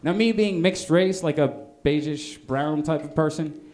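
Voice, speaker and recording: A man's voice: a little high, measured pace, a little mellow. A man from Norway doing a live stand-up set in a comedy bar, rambling with stammered restarts and punchy asides.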